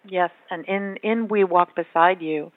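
A woman's voice: fairly low pitch, measured pace, dry recording. Earnest woman guest on a phone line. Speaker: author and guest. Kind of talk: casual conversation. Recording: tinny phone-line sound.

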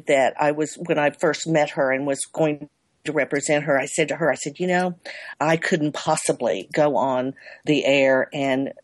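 A woman's voice: low-pitched, steady tone, moderate pace, no echo. A middle-aged woman publicist being interviewed, talking in rambling loops that repeat and restart. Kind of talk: interview guest.

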